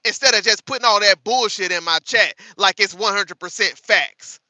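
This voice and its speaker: High, sharp-voiced combative stream host. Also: male voice, moderate pace, no echo, poor audio. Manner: combative, profane, taunting chat; repeats lines for emphasis. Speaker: livestream host. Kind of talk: live reaction commentary to chat.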